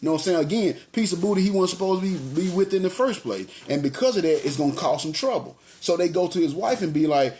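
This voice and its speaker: Male preacher with a higher voice, laid-back street talk, preaching to the congregation. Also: animated, quick pace, few pauses, darkish tone. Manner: street-talking, chatty, addresses the congregation as y'all. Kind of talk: casual, conversational sermon.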